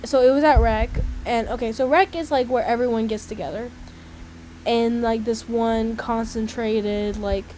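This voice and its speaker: Chatty and laughing between lines, a young storyteller swears freely and fills her casual monologue of personal stories with "like". Her fairly high voice is warm and steady at normal speed, on a rough recording with a little hiss or hum.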